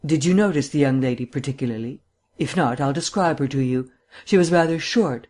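A man reading an audiobook, voicing a cool, cynical gentleman detective with a drawling, mildly mocking manner. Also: mid-range voice, fairly quick, lightly acted. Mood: cool, probing.

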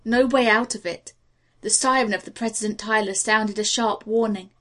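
A woman narrating an audiobook with a steady, expressive reading. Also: mid-range voice, normal speed.

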